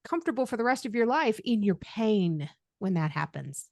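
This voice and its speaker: A woman's voice: mid-range voice, very animated, normal speed, vocal fry, a little mellow, no echo, studio quality. A woman hosting a podcast interview, asking questions and offering supportive comments. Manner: supportive, encouraging. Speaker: podcast host. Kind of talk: interview conversation.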